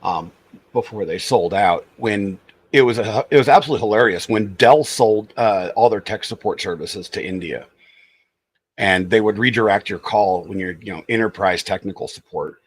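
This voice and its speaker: A man's voice: lowish voice, normal speed, breathy edge. A man with a Texan accent chatting casually, frank and exasperated as he tells stories. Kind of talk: casual chat.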